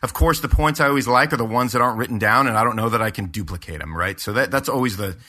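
A man's voice: mid-range voice, quick pace, bright, forceful tone. A man, a pastor and podcast co-host, chatting casually and rambling through a story with lots of fillers and restarts. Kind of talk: casual chat.

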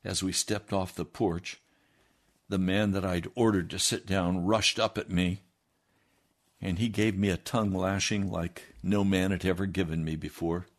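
A man reading a first-person memoir aloud in a steady storytelling manner. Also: low voice, a little slow. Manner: steady storytelling with lively acted quotes. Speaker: reader.

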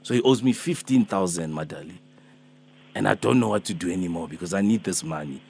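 A man's voice: deep voice, brisk, creaky, darkish tone, a little hiss or hum, voice pushed down. A man voicing a fussy, pleading elderly man who chases a debt in a prank phone call, rambling and hesitant. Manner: rambling, hesitant, calls her Mama and my darling.

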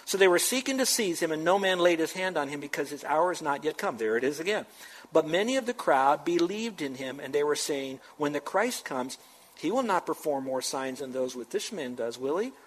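A male pastor delivers an animated sermon in a slightly high voice. He swings from fervent, loud bursts into quieter teaching, and he acts out the voices of Bible figures as he goes. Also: fairly quick, low-quality recording.

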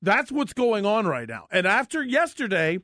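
Sports radio man, high lively voice, sarcastic and opinionated, dry studio. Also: normal speed, no echo.

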